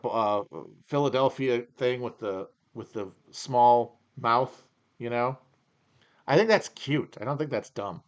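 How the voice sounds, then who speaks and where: A man hosting a livestream Q&A from his home region in the upper Midwest, talking in a rambling, wry, opinionated way with many restarts. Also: mid-range voice. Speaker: podcast host. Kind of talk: livestream Q&A chat.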